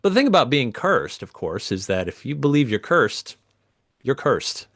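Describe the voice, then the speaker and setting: A middle-aged man, a guest author telling stories with animated energy in a casual interview. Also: medium pitch, moderate pace. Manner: lively, animated storyteller.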